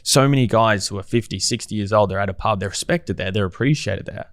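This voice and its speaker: A man with a low voice talks as a guest in a casual podcast chat. His sound is dry and close, with no room around it. He speaks reflectively and keeps posing rhetorical questions. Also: fast talker, dry recording. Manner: reflective and conversational, often asks rhetorical questions.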